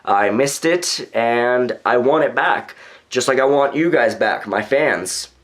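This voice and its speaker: Animated yet slow-paced, this young American vlogger speaks in a mid-range voice. He rambles casually on his own video blog, phrasing things loosely and using many fillers.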